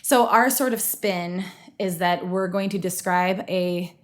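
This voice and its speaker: A woman's voice: lowish voice, slow. A woman co-hosting a podcast, talking in a chatty, casual way and laughing often. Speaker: podcast co-host.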